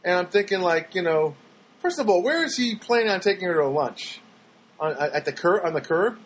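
Man, high-pitched, sarcastic, exasperated, rambling, faint background noise. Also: lively intonation, moderate pace, low-quality recording. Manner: rambling with restarts. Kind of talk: storytelling monologue.

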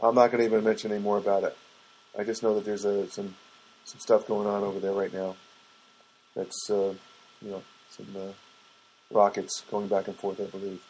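A man's voice: on the low side, level tone, moderate pace, pauses often, darkish tone, husky, rough recording. A man in a rambling, casual monologue, hesitant and full of restarts, with wry asides. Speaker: vlogger.

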